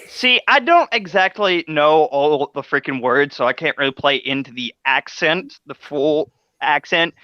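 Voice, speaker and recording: Giggly lively man, bright dry sound. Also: fairly high pitch, measured pace, hardly any pauses, clear, resonant tone, no echo, muffled recording. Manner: giggly, playful, laughs often. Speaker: podcast guest. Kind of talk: casual chat.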